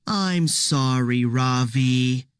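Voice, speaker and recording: A woman reading aloud as a patient, pitying schoolteacher who speaks slowly and carefully to her class. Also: a bass voice, clear, resonant tone, no room sound, exaggerated voice. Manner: slow, careful classroom speech.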